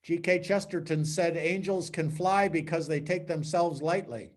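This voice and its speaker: Male priest, fairly high voice, lively storytelling preacher who stumbles and repeats words. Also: normal speed. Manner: animated storytelling with acted-out quotes and sound effects; repeats words and restarts mid-sentence. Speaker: priest giving a talk. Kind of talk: spiritual teaching talk.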